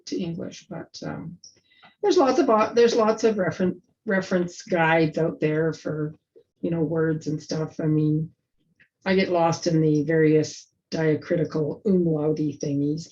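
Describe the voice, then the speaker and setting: Middle-aged woman, lowish voice, chatty storyteller, muffled lo-fi recording. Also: steady tone, darkish tone. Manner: chatty, halting with restarts. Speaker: presenter. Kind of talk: casual storytelling in discussion. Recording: dull lo-fi sound.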